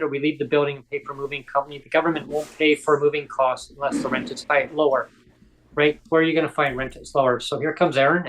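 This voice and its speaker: A man's voice: fairly high pitch, a little hiss or hum. A man from Canada hosting a podcast, telling a story casually and acting out the voices he quotes. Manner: animated, acts out quoted voices. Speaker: podcast host. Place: home.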